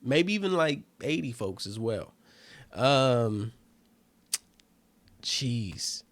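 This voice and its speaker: Laid-back rambling man, unhurried. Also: mid-range voice, very animated, dry recording. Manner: rambling, loose, many fillers, calls listeners family. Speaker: comedian hosting his own podcast. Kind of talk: casual solo chat to listeners.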